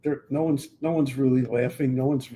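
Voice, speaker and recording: A man in the audience of a class, sharing his view in a halting way and repeating his words. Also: mid-range voice, fairly even intonation, very noisy. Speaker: congregant. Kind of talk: casual remarks in a class.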